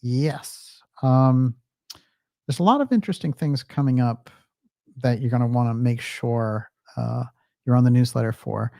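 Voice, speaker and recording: A man's voice: medium pitch, a little slow, vocal fry, warm tone, no echo, studio quality. A man hosting a livestream, chatting casually and reading out viewer comments, with frequent fillers. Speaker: livestream host.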